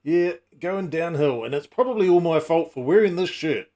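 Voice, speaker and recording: A man's voice: fairly high pitch, expressive, moderate pace, warm tone. A middle-aged man hosting a casual comedy vlog, full of wry, self-mocking asides and teasing jokes. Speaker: channel host.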